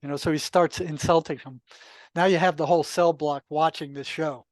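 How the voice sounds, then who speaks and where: An older man, a retired therapist, telling anecdotes in a relaxed, conversational podcast interview, full of asides. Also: fairly high pitch, brisk, no room sound. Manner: relaxed, anecdotal, many asides and "you know". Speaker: podcast guest, retired psychotherapist. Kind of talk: casual storytelling.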